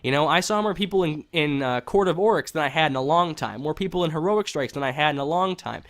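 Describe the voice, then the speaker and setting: A man's voice: on the high side, lively intonation, fast talker, fairly bright tone. Frustrated man ranting about a game. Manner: heated, frustrated, swearing, repeats for emphasis. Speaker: gaming commentator. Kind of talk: casual opinion rant.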